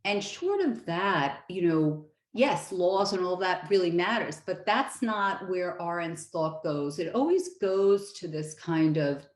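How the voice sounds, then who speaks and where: A woman's voice: lowish voice, a little mellow. Thoughtful woman professor in an echoey room. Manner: thoughtful, thinks aloud with many "you know"s. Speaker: guest professor. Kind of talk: academic interview.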